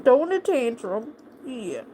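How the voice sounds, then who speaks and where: A woman's voice: fairly high pitch, sing-song, unhurried, dark tone, slight background noise. A woman streamer chatting casually and playfully teasing her pet on a live stream.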